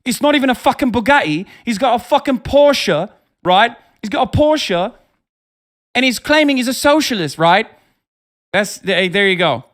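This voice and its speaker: A swaggering British tough-guy bloke, as a streamer puts him on, brash and taunting in a mock British accent. He sounds loud and cocky, mocking someone. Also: very high-pitched, animated, moderate pace, voice pushed up.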